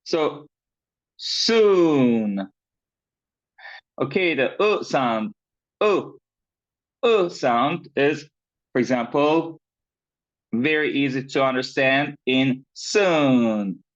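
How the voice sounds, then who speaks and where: A man teaching pronunciation in an online class, talking slowly with many fillers, repeats and checks of "right?". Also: medium pitch, expressive. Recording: dull, lo-fi sound.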